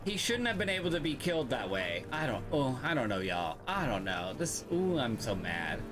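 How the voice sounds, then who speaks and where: A man's voice: medium pitch, very animated, normal speed, background noise. A man streaming a video game, commenting casually and swearing freely as he talks to the game and his viewers. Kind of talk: let's-play gaming commentary. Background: game music.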